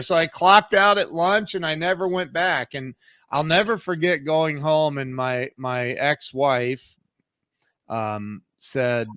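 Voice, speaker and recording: A man's voice: on the high side, steady tone, takes it slowly, bright, forceful tone, dry recording, studio quality. A man in his fifties, a podcast guest, telling his life story in a candid, emphatic way, acting out past conversations. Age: 50s. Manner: candid, emphatic, acts out quoted exchanges. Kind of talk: casual storytelling in an interview.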